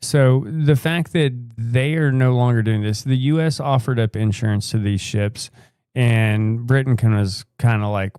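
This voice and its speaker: A man's voice: medium pitch, normal speed, darkish tone, smooth, dry recording, clean studio sound. Rambling opinionated American man. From United States. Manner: rambling, opinionated, swears freely. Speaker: podcast co-host. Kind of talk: casual live podcast banter.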